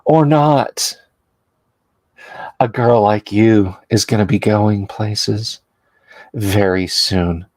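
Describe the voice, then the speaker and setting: An insane woman sculptor who giggles and taunts in a sing-song voice, as a man puts her on for a tabletop horror game. She drawls slowly and creepily. The sound is close and dry. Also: lowish voice, no room sound. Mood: mocking.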